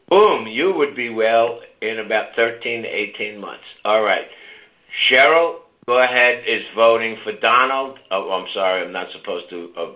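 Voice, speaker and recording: Casting: older male call-in host, brash and teasing, tinny narrow phone sound. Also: on the low side. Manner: brash, teasing, coaxing listeners. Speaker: host of a call-in health show. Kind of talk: casual call-in talk.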